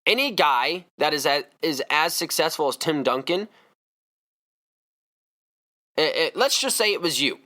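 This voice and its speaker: Male podcast host, emphatic sports rant, bright tone, animated delivery. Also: on the high side, unhurried, long pauses. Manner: fired-up, emphatic ranting.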